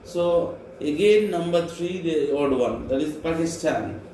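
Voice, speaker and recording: A man's voice: a little high, animated, a little slow, warm tone. A male French teacher, patiently repeating each word and spelling it out letter by letter for a class. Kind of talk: slow classroom dictation, spelling words letter by letter. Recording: echoey classroom with faint hum.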